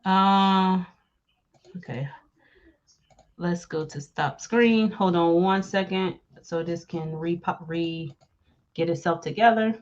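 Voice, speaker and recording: A woman hosting casual celebrity gossip commentary, animated and mocking, laughing often and talking in slang. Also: on the low side, takes it slowly, pauses often, highs cut off. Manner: slangy talk, repeated phrases. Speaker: commentary host.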